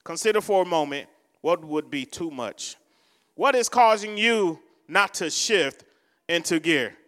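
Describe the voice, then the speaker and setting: Male pastor; high, bright voice, echoing church. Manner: repetitive, exhorting, switches languages. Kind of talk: sermon.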